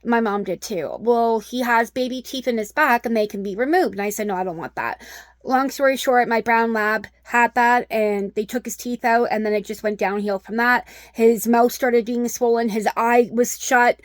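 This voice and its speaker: A woman's voice: on the high side, normal speed, no room sound, studio quality. A middle-aged woman telling an upsetting personal story in a vlog, rambling with many ums. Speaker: vlogger.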